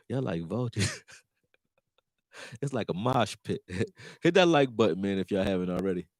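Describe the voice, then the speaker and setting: A man hosting a casual sports livestream, laughing, talking slang, and reacting to viewers' chat comments in an animated way. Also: deep voice, measured pace, long pauses, no room sound, studio quality.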